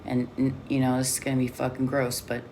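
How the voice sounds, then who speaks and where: Casting note: woman with a very deep voice, blunt and profane, candid personal storytelling. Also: completely flat delivery, brisk, warm tone, a little hiss or hum. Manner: blunt, swears often. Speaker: vlogger.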